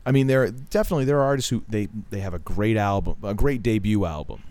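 A middle-aged man with a fairly low voice talks casually as a podcast co-host. He rambles from one story to the next, cracks jokes and laughs along the way. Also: quick pace, a little mellow, no room sound. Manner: rambling, jokey, laughs while telling stories. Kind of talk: casual chat.

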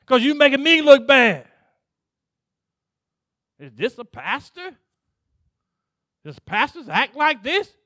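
A man's voice: extremely high pitch, pushed and bright, no room sound, clean studio sound. A male pastor preaching a sermon, talking straight to the congregation and acting out what God says. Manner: preaching with call-outs, acting out God's voice, laughing.

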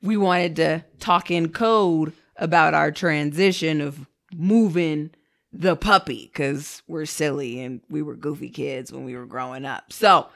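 A woman in playful banter with her husband, indignant and quick to argue back. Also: low voice, vocal fry. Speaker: wife in a couple game.

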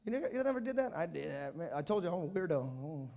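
A man preaching a sermon, telling childhood stories and acting out the voices with shouts. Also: fairly high pitch, very animated, fast. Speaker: pastor. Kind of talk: sermon with storytelling. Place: church.

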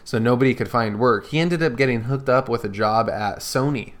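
A male podcast co-host in a loose, rambling chat. He swears freely, doubles back on his words, and piles up his story as he talks. His voice sits at a middling pitch. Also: fairly quick. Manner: rambling storyteller, many restarts and profanity. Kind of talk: casual chat.

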